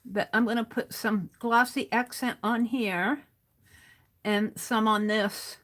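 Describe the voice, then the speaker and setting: A woman's voice: a little high, steady tone, takes it slowly, a bit bright. A woman hosting an art livestream from her desk, chatting to viewers and narrating her crafting as she works. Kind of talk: casual craft demo livestream.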